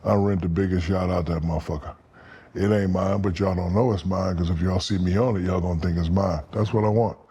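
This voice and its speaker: A man in his fifties, a podcast guest, telling animated, profane stories and acting out quoted lines. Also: low-pitched, a little fast, breathy edge. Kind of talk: storytelling in casual interview.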